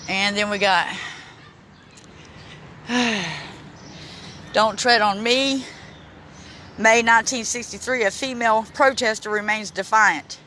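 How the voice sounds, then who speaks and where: A man on a casual walking-tour vlog, filming outdoors in a city park on a handheld phone, reading signs aloud haltingly with stumbles and restarts, and he is emotional, close to tears. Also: sits high, sharp tone, a little hiss or hum, poor audio. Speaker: vlogger giving a walking tour.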